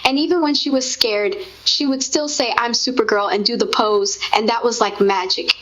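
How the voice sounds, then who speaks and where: A woman's voice: fairly high pitch, moderate pace, a bit bright. A woman speaking as a grieving mother in a tender, heartfelt conversation. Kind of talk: intimate spoken conversation. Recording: dull lo-fi recording.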